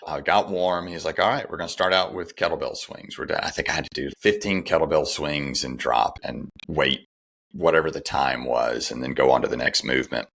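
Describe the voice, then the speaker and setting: A man's voice: rumbling low, fairly quick, gravelly, fairly bright tone. A middle-aged man, a podcast guest, candidly telling a personal story and retelling the dialogue, with some restarts.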